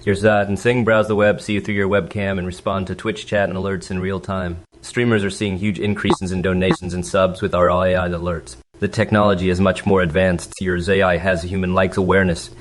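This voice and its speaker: A man's voice: deep voice, little pitch movement, a little fast, hardly any pauses. A man presenting a product announcement in a slightly hesitant way with fillers. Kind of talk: promotional announcement.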